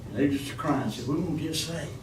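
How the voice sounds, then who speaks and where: A man's voice: on the high side, brisk, distant mic, background noise. A man preaching a folksy sermon, calling out for amens from the congregation. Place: church. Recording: echoey church room, mic from afar.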